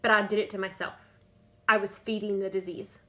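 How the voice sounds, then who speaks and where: A woman's voice: mid-range voice, little pitch movement, a little fast, bright, forceful tone. A woman in her thirties or forties, talking on a live stream as a diet coach, chatty and repeating herself, calling out viewers by name. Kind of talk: Facebook Live talk.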